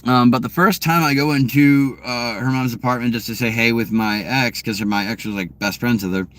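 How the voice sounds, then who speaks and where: A man's voice: mid-range voice, steady tone, brisk, a bit bright. A man vlogging from his car, telling a casual story in a rambling, profane way full of fillers and restarts.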